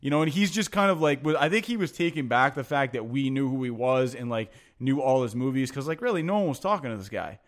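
A man's voice: medium pitch, expressive, fast talker, hardly any pauses. A man telling long, rambling anecdotes in casual chat, full of fillers like "like" and "you know" and frequent swearing.

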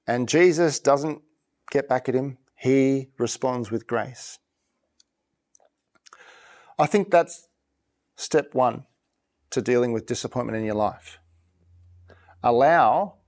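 A man's voice: mid-range voice, darkish tone. Male pastor, mid-range voice, conversational sermon delivery that repeats and restarts lines. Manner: conversational preaching, often repeating and restarting phrases.

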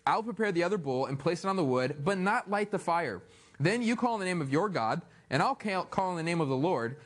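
A male pastor delivers a sermon in a fairly high voice. He reads scripture aloud, then breaks off into playful, animated asides before returning to his point.

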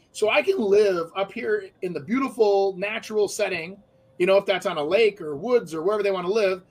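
High-voiced chatty man. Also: breathy edge, poor audio. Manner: chatty, many fillers and restarts. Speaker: real estate talk show co-host. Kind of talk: casual chat.

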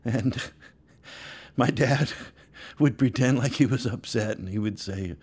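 A man's voice: mid-range voice, measured pace, breathy edge. A middle-aged male pastor telling family stories in a chatty podcast, laughing as he goes. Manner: chatty, laughs through his stories, animated voices. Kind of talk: storytelling sermon podcast.

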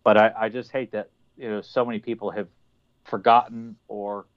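A man with a fairly low voice talks loosely and sarcastically on a podcast, swearing freely as he vents about toy lines. The audio is dull and lo-fi. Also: level tone, moderate pace, clean tone. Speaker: podcast co-host. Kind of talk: casual podcast chat.

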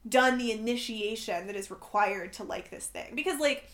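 Animated, swearing woman in casual chat. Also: on the high side, normal speed. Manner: animated, swears freely, frequent "like" and "right?".

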